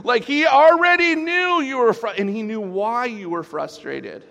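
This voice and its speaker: A man preaching a sermon, animated, acting out quoted voices with sudden jumps in pitch. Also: unhurried, creaky. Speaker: pastor.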